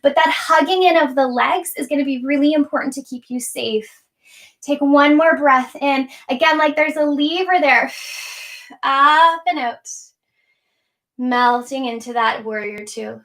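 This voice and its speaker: A woman's voice: high voice, unhurried, a bit bright. A young adult woman leading a live yoga class, cueing breaths and poses in a playful way, a little out of breath as she moves along. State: slightly out of breath while moving. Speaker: yoga teacher.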